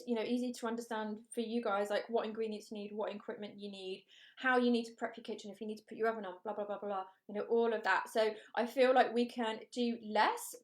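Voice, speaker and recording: Casting: a woman, fairly high voice, hosting a live cook-along, chatty and upbeat. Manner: chatty, upbeat, reads out viewer comments. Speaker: cooking show host.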